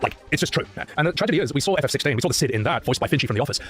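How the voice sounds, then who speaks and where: A man's voice: on the high side, lively intonation, rapid-fire, a bit bright, faint music behind. A man streaming and chatting casually about games, opinionated and joking, prone to rants. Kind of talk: casual gaming chat.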